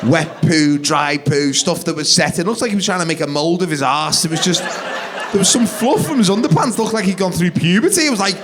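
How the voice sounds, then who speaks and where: Brief: male stand-up, thirties, fairly high voice, animated live storytelling on a theatre stage. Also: a crowd in the background, background noise. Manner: animated, acts out kids and wife in quick voices. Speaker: stand-up comedian.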